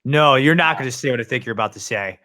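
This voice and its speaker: A man's voice: mid-range voice, pushed and bright. A young man hosting a podcast, chatting casually and joking playfully. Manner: playful, quick to joke and tease. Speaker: podcast host.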